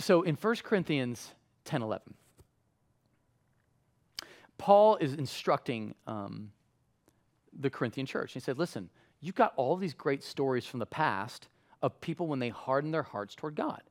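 A man preaching a sermon in a conversational way, acting out quotes with lively voices. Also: medium pitch. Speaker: pastor.

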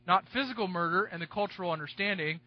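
Emphatic high-voiced male preacher. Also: fast, no echo. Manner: emphatic, swinging between loud stresses and hushed asides. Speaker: pastor. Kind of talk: expository sermon. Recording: dull, dry, slightly lo-fi recording.

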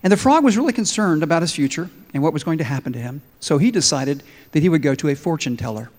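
A man preaching a sermon with emphasis, telling stories as he goes. His voice sits a little high for a man. His words trail off into a long hall reverb. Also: animated, fast talker, darkish tone. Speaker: pastor.

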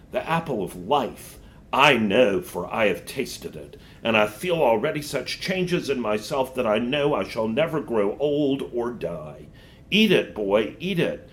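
A man's voice: medium pitch, pitched above the performer's own voice. A man reading a storybook aloud and voicing a scheming female witch who coaxes and scorns a boy. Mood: tempting.

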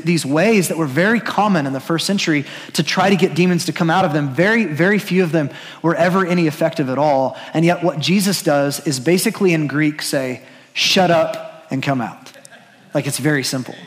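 A man preaching a sermon in a slightly raised voice, earnest and urging, slipping into a chatty tone. His words ring out with the long reverb of a church hall. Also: a little high. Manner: earnest, urging, conversational with frequent "like". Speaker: pastor.

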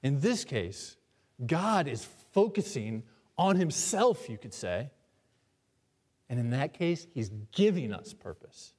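A male pastor preaching a sermon to his congregation, emphatic and varying between loud and hushed, asking the people questions. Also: mid-range voice, very animated, slow pace, long reverb tail.

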